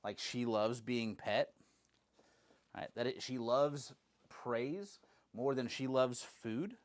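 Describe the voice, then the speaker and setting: A man answering viewers' questions as a dog trainer on a live stream, loose and conversational, thinking aloud with fillers. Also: slow pace. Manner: talks to dogs in a high, cooing voice. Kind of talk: live stream Q&A, casual talk.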